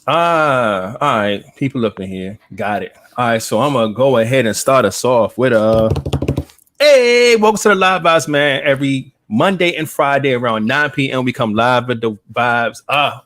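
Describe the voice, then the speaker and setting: A man's voice: mid-range voice, brisk, hardly any pauses, a bit bright, slight background noise. A man hosting a live podcast in loose, chatty talk, laughing easily. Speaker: podcast host. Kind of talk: casual live podcast chat.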